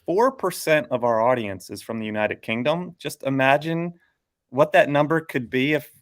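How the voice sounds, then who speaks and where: A man's voice: medium pitch, moderate pace, no room sound. A man chiming in on a podcast with dry, wry humor. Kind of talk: casual podcast chat.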